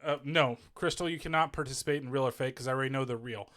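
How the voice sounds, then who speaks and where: A man's voice: mid-range voice, very fast, fairly bright tone. A man co-hosting a casual podcast, rambling and joking, often laughing. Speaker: podcast co-host. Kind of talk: casual chat.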